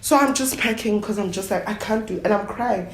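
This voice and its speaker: A woman traditional healer from South Africa, telling her story at a roundtable in an animated way, often acting out what others said. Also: medium pitch, fairly quick. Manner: code-switching, animated retelling with quoted voices. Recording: echoey room with faint noise.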